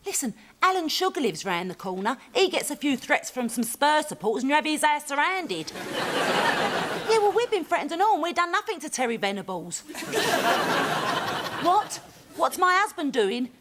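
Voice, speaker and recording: An actress playing an indignant, quick-tempered housewife married to a prisoner. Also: female voice, high voice, very animated. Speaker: sitcom character. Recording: audible background noise.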